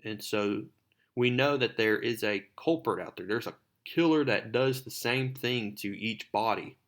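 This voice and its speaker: A man's voice: fairly low pitch, a little slow, fairly bright tone. A man narrating a comic book recap in a conversational way with asides.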